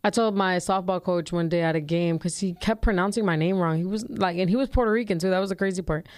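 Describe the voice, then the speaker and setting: A woman in casual chat who laughs often and talks in a relaxed, slangy way. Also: on the low side, fast talker, no room sound, studio quality.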